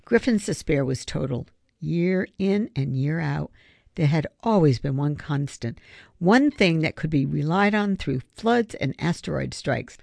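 A narrator reading a children's novel aloud in a steady, measured way. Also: medium pitch, gravelly, dry recording. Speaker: audiobook narrator. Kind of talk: audiobook narration.

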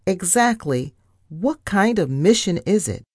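A woman voicing a crisp, formal and gallant male rat ship captain in a storybook reading. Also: on the low side, lively intonation, unhurried, a little mellow, dry recording, clean studio sound, voice pushed up. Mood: stern.

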